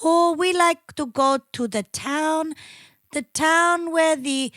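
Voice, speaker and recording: A woman voicing a halting Swedish man with a put-on Swedish accent, reciting in a slow, stilted, oddly phrased way. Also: high voice, fairly bright tone, dry recording, clean studio sound, pitched above the performer's own voice.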